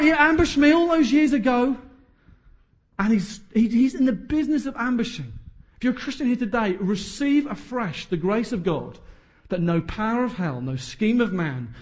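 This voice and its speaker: A man in his thirties preaching a sermon. His voice sits high and swings widely in pitch. He is emphatic, with quick joking asides. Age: 30s.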